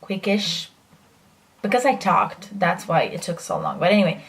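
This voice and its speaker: A woman's voice: on the low side, huge pitch swings, moderate pace. A young woman chatting casually through a makeup tutorial as a beauty vlogger, self-deprecating and full of fillers.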